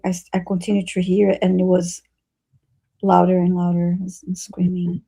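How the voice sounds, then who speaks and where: A woman in a live psychic healing session, relaying messages in a soft, hesitant way. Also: on the low side, completely flat delivery, normal speed, creaky, slightly rough. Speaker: psychic healer. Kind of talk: live spiritual reading chat.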